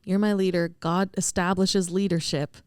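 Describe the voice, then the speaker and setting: Smooth-voiced female pastor. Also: fairly low pitch, level tone, moderate pace, no echo. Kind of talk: casual podcast discussion.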